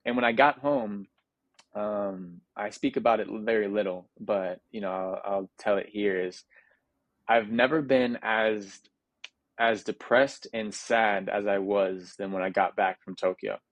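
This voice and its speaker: Earnest young man, lowish voice. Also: steady tone, unhurried, no echo, lo-fi sound. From United States. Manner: reflective, earnest, frequent restarts and "you know" fillers. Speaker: interview guest, Paralympic athlete. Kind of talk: casual interview.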